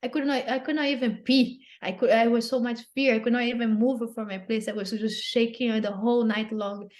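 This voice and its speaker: A woman telling a personal story as an interview guest, earnest and halting, often repeating and restarting phrases, in non-native English grammar. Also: on the high side, fairly even intonation, a little mellow.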